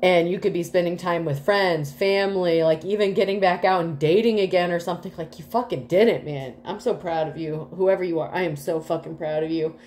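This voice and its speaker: Woman, tarot reader, lower voice, rambling, emotional, swears, casual reading, slight background noise. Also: brisk, few pauses, darkish tone. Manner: rambling, emotional, swears freely, many fillers.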